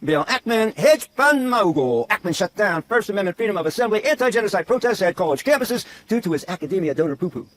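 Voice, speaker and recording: A man's voice: sits high, animated, fast, hardly any pauses, a bit bright. A man delivering sarcastic voice-over commentary, mocking and full of theatrical swings in emphasis.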